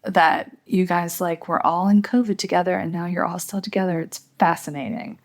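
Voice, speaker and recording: A woman's voice: fairly low pitch, fairly even intonation, normal speed. A middle-aged woman interviewing a young graduate, asking reflective questions and musing on her answers. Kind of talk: oral history interview.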